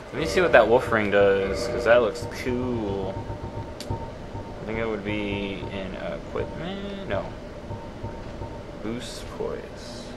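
A man commentating his own gameplay in a casual let's play, swinging between quiet mumbles and excited yelps. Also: fairly low pitch. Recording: loud game sounds behind voice.

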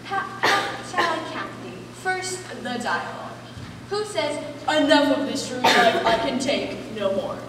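A woman's voice: high voice, big pitch swings, unhurried, background noise. A woman on stage playing a sassy young woman character who mocks and wails melodramatically, heard from far off in an echoey hall. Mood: scornful. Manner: melodramatic wailing, then mocking and blunt. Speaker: stage actor. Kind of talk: amateur stage play performance. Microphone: far room mic.

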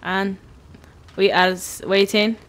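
A woman's voice: mid-range voice, little pitch movement, slow pace, a bit bright, slight background noise. An American woman chatting playfully and exclaiming while playing an online game. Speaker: gamer. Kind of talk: casual gaming chat.

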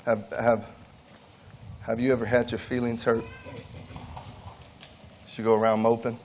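A man preaching a sermon at a church camp meeting, swinging between high, pleading emphasis and quiet asides. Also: fairly even intonation, normal speed, long pauses, slight background noise.

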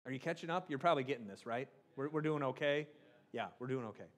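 Speaking quickly in a mid-range voice, a middle-aged male pastor delivers a casual, joking sermon. He often turns to the congregation with a "right?" to check they're with him.

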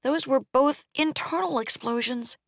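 A man putting on a shattered woman officer with a rusty, grating voice pushed well above his own, quiet and dry, spoken close with no room around it. She bites her words out through grief. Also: very high voice, unhurried, vocal fry, dry recording, voice pushed up, exaggerated voice. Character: grief-stricken female operations officer.

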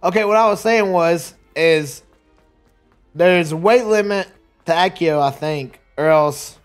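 A man rambles through casual let's play commentary, chatty and quick to laugh, now and then tripping over his words. His voice sits a bit higher than most men's. Soft game music plays underneath. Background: faint game music.

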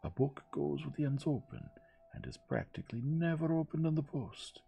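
A man reading gently, voicing a shrewd older male detective who speaks in a measured, formal way. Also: on the high side, very animated, creaky, slightly rough, voice pushed up, exaggerated voice. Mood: explaining.

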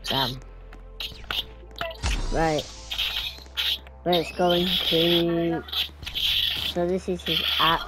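A woman's voice: on the low side, fairly even intonation, drawn-out words, pauses often. A woman chatting casually and rambling as she records her gameplay, easily amused. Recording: loud game music behind.

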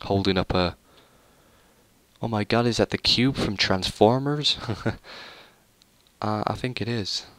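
Young man, low smooth voice, dry close mic, rambling game tour with lots of ums. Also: a little slow, long pauses, a bit bright, dry recording. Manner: rambling, self-deprecating, hesitant with many fillers. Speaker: gaming YouTuber. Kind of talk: casual let's play commentary.

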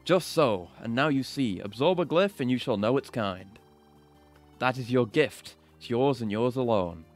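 A man's voice: medium pitch, animated, a little slow, faint music behind, lightly acted. A man reading the lines of a stern older male mentor in a formal, grave way.

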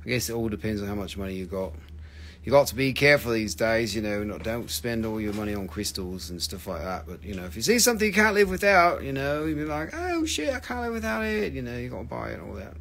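A man hosting a live sale of stones, talking in halting, broken English with fillers while he names prices. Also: fairly low pitch, gravelly, fairly bright tone. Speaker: host of a live crystal sale. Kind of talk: live sales patter. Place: shop, indoors.

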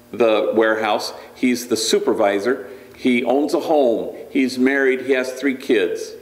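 Man telling stories in an echoing hall. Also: mid-range voice. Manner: anecdotal, humorous, frequent restarts. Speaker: priest and lecturer. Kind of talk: storytelling lecture. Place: lecture hall.

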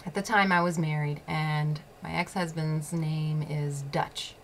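A woman's voice: sits low, fairly even intonation, a little slow, a little hiss or hum. A woman hosting her own show, telling a personal story in a blunt, profane way and laughing often. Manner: repeats phrases for emphasis. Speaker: show host.

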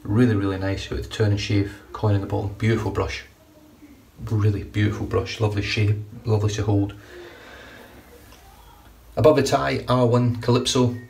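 A man's voice: lowish voice, steady tone, moderate pace, vocal fry, pauses often, a little mellow. A man casually reviewing shaving products, chatty and enthusiastic, a little rambling. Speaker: shaving vlogger. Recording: distant mic, faint room noise.

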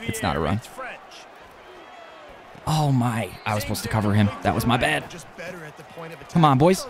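A young man narrating his own video game session out loud, his voice moving widely in pitch as he reacts. He mutters plans to himself, then breaks into loud yelps and groans at big plays. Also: moderate pace, pauses often, crowd noise. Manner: excitable, talks to himself, yells at plays. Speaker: gaming YouTuber. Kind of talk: live gameplay commentary.

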